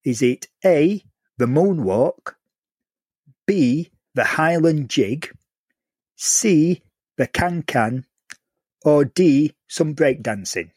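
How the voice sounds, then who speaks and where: A man's voice: on the high side, expressive, drawn-out words, long pauses, a little mellow, no room sound, studio quality. Chatty man hosting a podcast quiz. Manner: reads questions and options clearly, laughs often.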